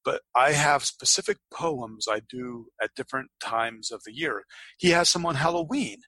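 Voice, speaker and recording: A man's voice: medium pitch, normal speed, sharp tone, dry recording. A middle-aged American man co-hosting a podcast, chatting casually and often repeating words as he starts a sentence. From United States. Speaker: podcast co-host. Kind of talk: casual chat.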